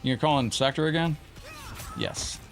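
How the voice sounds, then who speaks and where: A man talks through a live fighting-game stream in a loose, chatty way, reacting to the match and greeting viewers by name. His voice sits at an ordinary middle pitch, with faint game music under him. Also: huge pitch swings, normal speed, creaky. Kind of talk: live gameplay commentary and chat.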